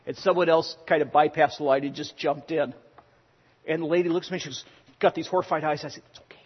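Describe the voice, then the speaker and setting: Husky-voiced pastor preaching in a hall. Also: male voice, on the high side, fairly even intonation, brisk, highs cut off. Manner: conversational preaching with personal anecdotes, swings from loud to hushed. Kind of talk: sermon.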